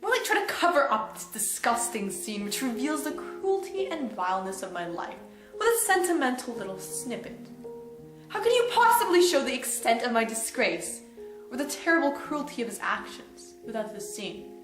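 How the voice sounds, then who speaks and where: A woman's voice: high-pitched, sing-song, moderate pace. Woman playing a bitter wronged stepdaughter. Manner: resentful, intense. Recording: echoey room, far mic, faint music.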